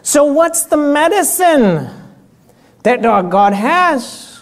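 Animated male preacher acting out scenes. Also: very high voice, extremely slow. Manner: animated, acts out dialogue with raised voice; frequent throat clearing. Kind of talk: sermon.

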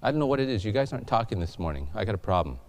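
Man, pastor, animated sermon, swooping lively voice, storytelling. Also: lowish voice, rapid-fire. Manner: animated storytelling, questions to the congregation.

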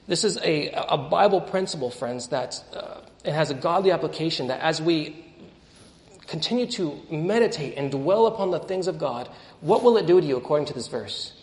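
Young male preacher: lively storyteller, slightly high voice, echoing church hall. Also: normal speed. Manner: animated storytelling, acts out dialogue. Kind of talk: sermon. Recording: echoey hall.

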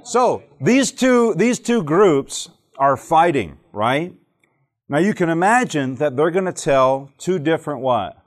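A man's voice: on the high side, very animated, a little slow. A man from Alabama, giving a church teaching talk to a live audience. He tells jokey stories and keeps quizzing the listeners. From Alabama, southern United States. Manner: joking storyteller who quizzes the audience.

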